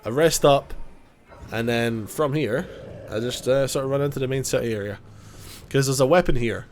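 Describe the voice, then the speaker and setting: A man's voice: medium pitch, moderate pace, darkish tone, a little hiss or hum. A man with a cold, giving casual, joking gameplay commentary, self-mocking and swearing now and then. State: has a cold. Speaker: gaming YouTuber.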